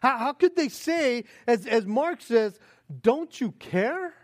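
Guy pastor preaching, high lively voice, acts out the panicky bits, laughs a lot. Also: takes it slowly. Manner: animated, acts out panicked pleas with frequent laughs. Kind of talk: sermon.

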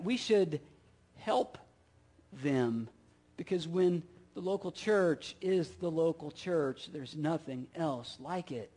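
Male pastor, middle-aged, high-pitched voice, emphatic sermon delivery, repeats his points, rhetorical questions. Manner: repeats key phrases, asks the listeners rhetorical questions.

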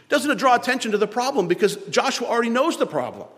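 A man preaching a sermon in a church, swinging between loud, emphatic lines and hushed ones. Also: high-pitched, very animated, quick pace, hardly any pauses, long reverb tail. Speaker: pastor.

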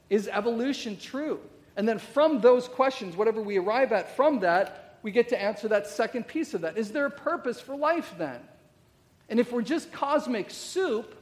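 A middle-aged man with a high voice preaches in a church, his words trailing off in a long hall reverb. His talk is loose and conversational, stacked with rhetorical questions and quick "okay?" check-ins. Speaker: pastor. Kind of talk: sermon.

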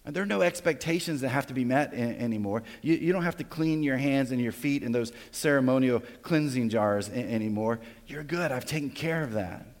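Pastor guy preaching in a big echoey church, gets loud and excited then goes real quiet. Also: mid-range voice, brisk, hardly any pauses. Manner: animated, rising loud on vivid stories and dropping soft on key lines. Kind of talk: sermon.

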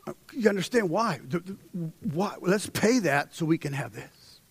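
A young man delivers a fervent sermon in a fairly high voice. He drops to a hush, then climbs into loud, ringing exhortation. The sound is dry and close. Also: lively intonation, moderate pace, breathy edge, no echo. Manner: swings between hushed intensity and loud, rising exhortation. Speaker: preacher.

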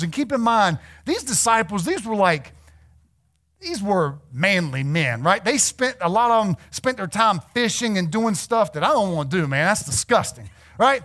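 A man preaching a sermon, telling Bible stories with lively acted-out dialogue and sudden hushed passages. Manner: animated storytelling, acts out biblical figures; drops to a hushed low voice for emphasis.

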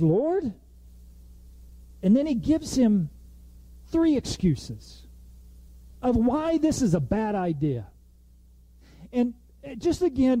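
A man's voice: high voice, dry recording. A man preaching a sermon in a conversational way, now and then acting out the people in the text. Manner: conversational, animated, acts out quoted lines.

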